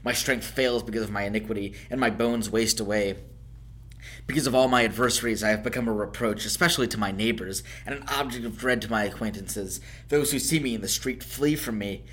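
A man reading psalms aloud in a measured, solemn way, rising on the lines of praise. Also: on the low side, fairly bright tone. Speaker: scripture reader. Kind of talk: scripted scripture reading.

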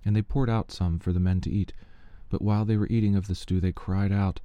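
A man reading scripture aloud at a measured, steady pace. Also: low-pitched, clear, resonant tone, no room sound, lo-fi sound.

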